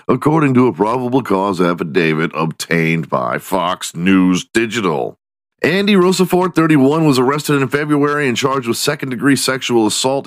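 A man's voice: mid-range voice, no room sound. A man hosting a comedy podcast, swearing freely and laughing at his own jokes. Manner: profane, laughs at his own jokes, slips into mock voices. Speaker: podcast host. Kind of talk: crude comedic news rant.

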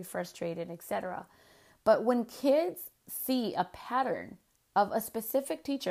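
Frank, rambling woman podcast host. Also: mid-range voice. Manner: frank, rambling, conversational with fillers. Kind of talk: casual podcast monologue.

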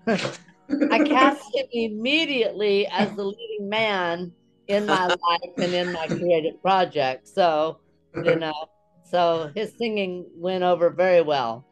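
A man from Texas, a comedian, recalling a story in a casual interview, halting and repeating his opening words. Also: sits high, a bit bright, soft background music, rough recording. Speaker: interviewee, comedian and creative partner.

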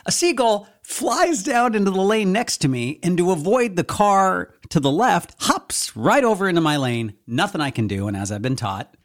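Lively storytelling man. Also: sits high, normal speed, few pauses. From Eastern Washington, US. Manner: animated storyteller, swears freely. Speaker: podcast co-host. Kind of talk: casual chat.

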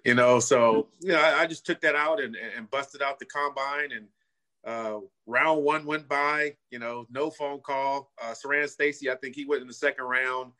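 A man's voice: medium pitch, moderate pace, pushed and bright. A middle-aged man from California, a former pro football player, telling his story as a guest in a casual interview, earnest and full of "you know" and "man.".

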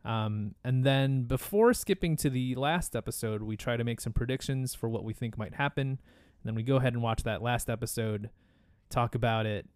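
A young man co-hosting a casual podcast chat, talkative and quick to laugh as he reads out trivia. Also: medium pitch, smooth, no echo, clean studio sound. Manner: chatty, laughs often, reads facts aloud. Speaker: podcast co-host.

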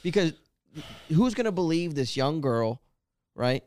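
A man co-hosting a casual podcast, relaxed, chiming in and reacting to the story. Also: fairly high pitch, measured pace, no echo, clean studio sound. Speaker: podcast co-host.

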